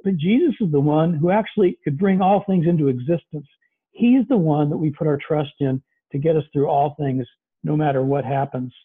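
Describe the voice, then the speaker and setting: Man, pastor, conversational sermon, husky voice, tinny video call audio. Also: a little high, normal speed. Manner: conversational, earnest, many fillers.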